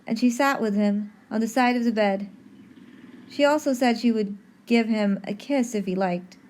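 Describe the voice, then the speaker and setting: A woman telling a story in an expressive podcast narration, reading dramatically with pauses. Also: a little high. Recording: faint background noise.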